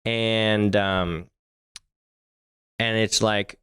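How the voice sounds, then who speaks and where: A man's voice: lowish voice, fairly even intonation, drawn-out words, fairly bright tone, clean tone. A middle-aged man co-hosting a podcast, talking bluntly, swearing freely and often restarting his sentences. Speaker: podcast co-host. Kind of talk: casual podcast chat.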